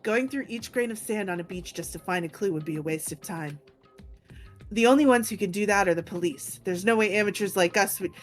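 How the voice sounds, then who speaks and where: A woman voicing a calm, eerie teenage boy in a fan voice-over of a game, speaking softly and deliberately. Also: medium pitch, faint music behind, pitched below the performer's own voice, natural voice.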